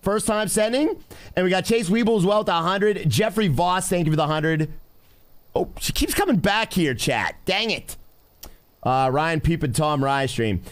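Male game streamer, upbeat and chatty with viewers, slightly high voice. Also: normal speed. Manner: excitable, talks to chat constantly. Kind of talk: live gameplay commentary.

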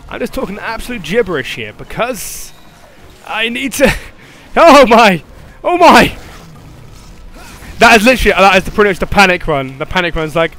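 Young male gamer, bright high voice, jumpy and jokey, shrieks mid-fight. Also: unhurried, pauses often, soft background music. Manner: excitable, yelping and laughing, swings from mutters to shrieks; joking, rambling banter at the game's monster. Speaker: gameplay commentator. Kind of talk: live gameplay commentary.

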